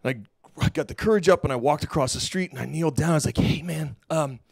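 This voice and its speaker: A middle-aged man giving a keynote talk on stage, telling a story in a lively, casual way and acting out the dialogue with slang. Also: fairly high pitch, fast, gravelly, dry recording, studio quality. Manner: animated, acts out quoted dialogue, casual slang. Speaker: keynote speaker. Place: lecture hall stage.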